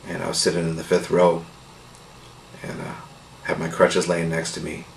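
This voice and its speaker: A middle-aged man telling his healing testimony in a casual, earnest, rambling way, full of "you know" and soft laughs. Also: deep voice, monotone, normal speed, creaky. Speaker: testimony speaker. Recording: echoey room with faint noise.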